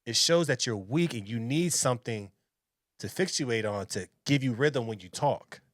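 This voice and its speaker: A man's voice: medium pitch, lively intonation, moderate pace, dry recording, studio quality. A man hosting his own reaction channel, giving blunt, opinionated commentary and often repeating himself. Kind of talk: casual commentary.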